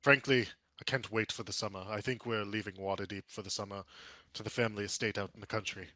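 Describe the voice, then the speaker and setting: A man voicing a cowardly, blustering middle-aged noble who shouts in panic and then sinks into defeat. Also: lowish voice, fairly even intonation, fast talker, no room sound.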